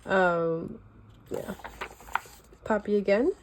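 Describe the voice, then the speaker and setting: A woman's voice: mid-range voice, extremely slow, a little hiss or hum. A young woman with a Californian accent, chatting casually and loosely while showing her sketchbook at home. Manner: chatty, loose and rambling with fillers. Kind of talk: casual chat.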